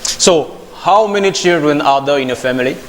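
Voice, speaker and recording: A man moderating a discussion group, briskly passing the floor and teasing speakers. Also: a little high, fairly bright tone, slight background noise. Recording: hall with long reverb.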